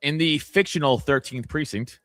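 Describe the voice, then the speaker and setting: A former police officer from New York City co-hosts a casual podcast, telling stories fast and profanely while laughing. His voice is fairly high and a bit bright.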